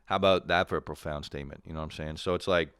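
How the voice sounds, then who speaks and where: Brief: young male podcast host, low voice, dry close mic, profane rants, laughs a lot. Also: steady tone, very fast, a bit bright, clean tone, dry recording. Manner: profane, laughing, mocking impressions. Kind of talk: casual solo podcast rant.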